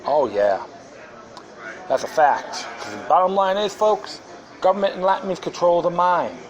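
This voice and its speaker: A man's voice: high voice, animated, a little slow, muffled recording, soft background music. A man hosting a podcast, talking in a rambling, sarcastic casual monologue. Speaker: podcast host.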